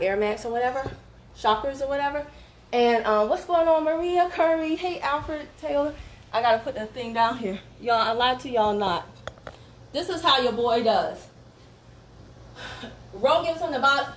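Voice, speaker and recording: Breathless, high-voiced woman telling a story live. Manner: animated, chatty, addresses viewers as y'all, laughs a lot. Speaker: fitness coach recruiting for her team. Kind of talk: live social-media storytelling while exercising. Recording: roomy echo, distant mic, faint noise.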